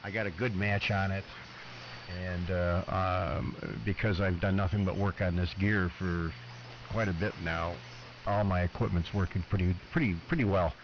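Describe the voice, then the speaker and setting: Cheerful deep-voiced ham operator, hesitant and joking, over muffled static radio. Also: male voice, fairly even intonation, moderate pace. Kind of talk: casual on-air radio chat. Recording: muffled amateur radio audio, clear static.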